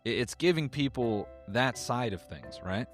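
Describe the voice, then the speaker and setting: A man's voice: mid-range voice, animated, a little slow, faint music behind. A man giving comedic commentary, cracking sarcastic jokes between reading posts aloud. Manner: joking, sarcastic asides.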